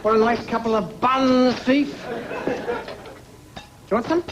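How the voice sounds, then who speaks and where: A man playing a teasing, excitable husband in a sitcom scene. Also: extremely high pitch, measured pace, highs cut off, crowd noise. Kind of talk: sitcom acting.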